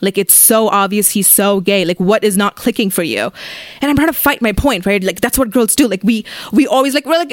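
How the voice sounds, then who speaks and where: A young woman hosts her podcast with a blunt, swearing storytime rant, peppered with "like" and quick impressions of her friends. Her voice sits in a middle pitch and sounds close and dry, with no room around it. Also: expressive, no room sound. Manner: blunt, profane, lots of "like" fillers, acts out friends' voices. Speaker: podcast host.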